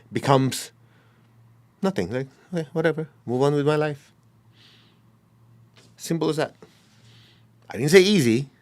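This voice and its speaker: Male spiritual teacher, mid-pitched, blunt, emphatic delivery. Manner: blunt, emphatic, acts out quoted people. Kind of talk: dharma talk.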